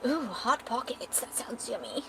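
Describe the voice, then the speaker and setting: A woman's voice: fairly high pitch, lively intonation, a little slow, creaky, noisy background. A young woman chatting casually as she draws on a livestream, swearing freely. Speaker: art streamer. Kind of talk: casual livestream chat while drawing.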